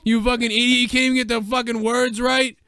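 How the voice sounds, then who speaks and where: Man impersonating a brash older wrestler, high, shouting, drawn out, cocky. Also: flat delivery, fast, smooth, dry recording, studio quality. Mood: ranting. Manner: shouting, drawling catchphrase promo. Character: brash, loud older male pro wrestler.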